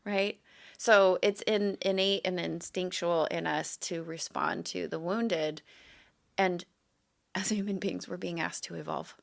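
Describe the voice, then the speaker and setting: A woman co-hosts a casual podcast with a very low, heavily gravelly voice. She speaks candidly and earnestly, with clear emphasis. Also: steady tone, measured pace. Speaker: guest co-host, educator.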